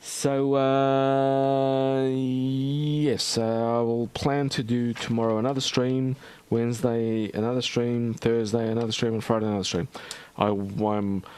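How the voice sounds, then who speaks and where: An Australian man hosting a livestream in a rambling, halting chat full of fillers and restarts. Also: medium pitch, little pitch movement, darkish tone, clear, resonant tone. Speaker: livestream host.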